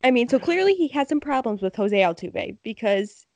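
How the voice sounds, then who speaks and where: A woman's voice: fairly high pitch, very animated, normal speed, a little mellow, dry recording. A woman co-hosting a casual sports podcast, chatty and laughing often. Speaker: podcast co-host.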